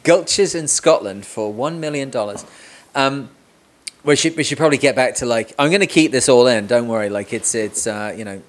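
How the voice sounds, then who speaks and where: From a home room with a cat, a podcast host conducts a casual remote interview. His medium-pitched voice moves at a moderate pace as he jokes around and rambles with many fillers.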